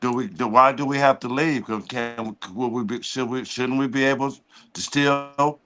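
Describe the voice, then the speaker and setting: Bright-voiced man, blunt and emphatic. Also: mid-range voice, fairly even intonation, moderate pace, a little hiss or hum. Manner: blunt and emphatic, swears freely. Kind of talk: casual chat.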